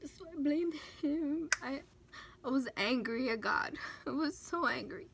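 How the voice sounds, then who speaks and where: Tearful young woman vlogging, slightly high. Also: expressive, gravelly, background noise. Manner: tearful, halting, many restarts and fillers. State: close to tears. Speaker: beauty vlogger. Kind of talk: emotional talk during a makeup tutorial.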